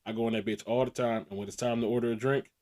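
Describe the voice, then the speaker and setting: A man's voice: medium pitch, fairly even intonation, very fast, darkish tone. A man co-hosting a podcast, telling crude, laid-back stories in casual chat and laughing often. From American Midwest. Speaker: podcast co-host.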